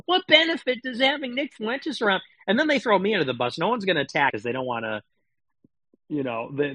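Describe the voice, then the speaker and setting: A man's voice: mid-range voice, sharp tone, no room sound, highs cut off. A man streaming political commentary, talking in a sarcastic, mocking, casual rant. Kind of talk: casual ranting monologue.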